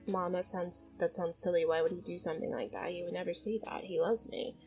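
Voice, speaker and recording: A woman's voice: on the low side, fairly even intonation, brisk, a little mellow, faint music behind, lightly acted. Naive pregnant daughter begging in disbelief , woman doing the voice, sims story. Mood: disbelieving. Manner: pleading, disbelieving.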